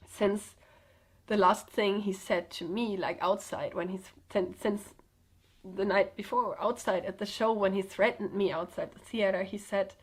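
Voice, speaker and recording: A young woman speaking to camera in a halting, hesitant way, with many pauses and fillers, telling a personal story. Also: mid-range voice, steady tone, breathy edge. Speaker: vlogger.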